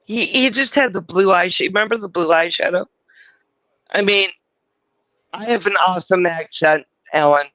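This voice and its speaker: High bright chatty Californian man. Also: moderate pace, long pauses, dry recording, muffled recording. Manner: chatty storyteller, swears freely. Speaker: live stream host. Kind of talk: casual banter.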